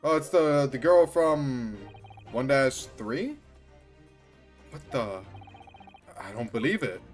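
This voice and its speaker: A man reacting and commenting as a streamer playing a story game, excited and swearing. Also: mid-range voice, slow, faint music behind. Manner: animated, reacts loudly and swears. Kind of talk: let's-play commentary.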